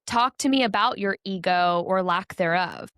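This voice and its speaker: A woman's voice: mid-range voice, normal speed, fairly bright tone, smooth, no echo. A woman hosting a studio interview, reflecting on the guest's answers and asking follow-up questions. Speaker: podcast host.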